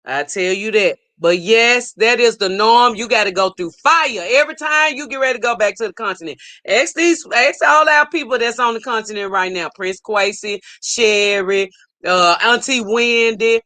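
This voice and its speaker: A woman's voice: fairly high pitch, normal speed, pushed and bright. A middle-aged woman hosts a live stream, reading viewer comments aloud and preaching emphatically, repeating her points for emphasis. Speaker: livestream host.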